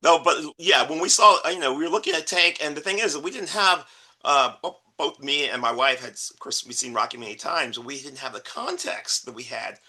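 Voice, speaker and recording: A man co-hosting a casual podcast chat, with a very bright, ringing tone. He hesitates and repeats words as he thinks aloud, and laughs often. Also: on the high side, lively intonation, brisk. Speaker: podcast co-host.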